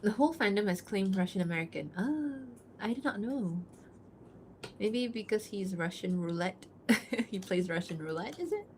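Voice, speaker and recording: Woman streamer, easy chat with viewers, giggles a lot, mid-pitched, faint background hiss. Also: animated, moderate pace. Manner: chatty, giggles often, thinks aloud with fillers. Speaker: livestreaming artist. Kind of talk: casual chat reading and answering chat.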